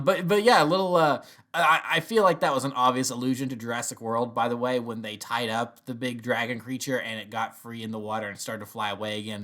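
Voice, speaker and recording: A man's voice: medium pitch, sharp tone. Rambling, chuckling male reviewer. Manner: chuckles often, rambling with many restarts. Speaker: TV episode reviewer. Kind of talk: casual spoken review.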